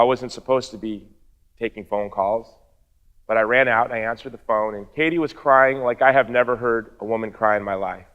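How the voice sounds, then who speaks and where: A middle-aged man speaks to an audience, giving a heartfelt personal testimony at a mid-range pitch. He tells the story earnestly and slips in wry, dry asides along the way. The recording is slightly dull and lo-fi. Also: fairly bright tone, long reverb tail.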